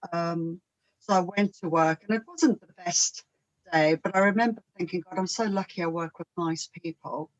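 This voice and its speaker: A woman talking casually as a guest, chatty and quick to laugh. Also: lowish voice, muffled recording. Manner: chatty, laughs often, mimics others. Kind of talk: casual conversation.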